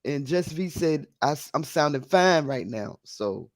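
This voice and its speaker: Man, high voice, live stream host, casual rambling chat, scattered. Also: animated, a little slow. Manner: scattered and chatty, talking to viewers while fixing audio.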